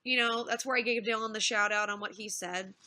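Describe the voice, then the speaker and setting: A woman's voice: mid-range voice, fairly quick. A woman livestreaming in casual chat, rambling through a story with restarts and swearing while thanking viewers. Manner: rambling, animated retelling with frequent restarts and swearing.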